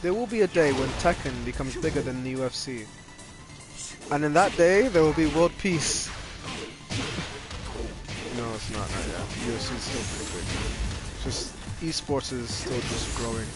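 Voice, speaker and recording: A man hosting a gaming channel, chatting casually while he plays and getting loudly worked up when he loses. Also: medium pitch, moderate pace, long pauses. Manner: excitable, gets loudly worked up over losses. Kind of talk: casual gameplay commentary. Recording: game music under the voice.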